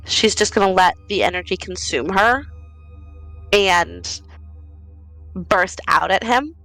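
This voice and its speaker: A woman's voice: medium pitch, expressive, takes it slowly, pushed and bright, dry recording, rough recording. A woman playing a tabletop game who describes her character's actions in a hesitant, thoughtful way, with faint music behind. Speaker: player. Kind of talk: tabletop roleplay narration.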